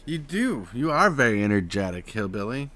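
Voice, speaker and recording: Utah man, stream host, casual chat; talks voice technique, drawl to excited emphasis, middle pitch. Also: moderate pace. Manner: explains voice technique, swings between flat drawl and excited emphasis.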